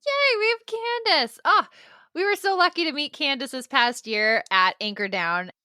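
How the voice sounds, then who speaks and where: Bright lively woman co-host, dry sound. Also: high voice, moderate pace, no room sound. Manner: enthusiastic, gushing, laughs often. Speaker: podcast co-host. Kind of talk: casual chat.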